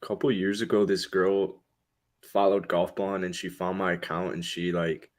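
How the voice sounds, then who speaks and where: Deep-voiced rambling young man. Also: little pitch movement, moderate pace. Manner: rambling, filler-heavy storytelling. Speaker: podcast co-host. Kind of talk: casual podcast banter.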